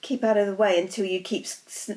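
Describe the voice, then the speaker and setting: A woman reading aloud and voicing an earnest, serious teenage team captain in a measured way. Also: mid-range voice, steady tone, warm tone, natural voice.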